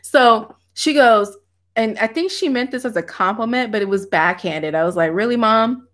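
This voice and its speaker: A woman's voice: medium pitch, normal speed, fairly bright tone. A woman, chatting animatedly with viewers on a livestream from her home office and laughing often. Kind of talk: casual livestream chat.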